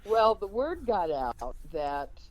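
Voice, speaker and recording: A woman's voice: mid-range voice, slow, dry recording. An older woman, a guest in an interview, telling an anecdote and acting out the quoted dialogue. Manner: lively, acts out quoted dialogue. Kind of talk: anecdotal storytelling. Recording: dull, dry lo-fi recording.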